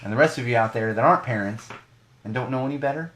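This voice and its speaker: A man's voice: medium pitch, quick pace, fairly bright tone. A man in his thirties, a podcast co-host, ranting animatedly in a casual podcast monologue with many restarts.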